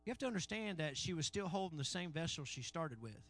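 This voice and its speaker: A male pastor preaching a sermon in call-and-response style, swinging between loud shouts and low murmurs. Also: big pitch swings, fast talker.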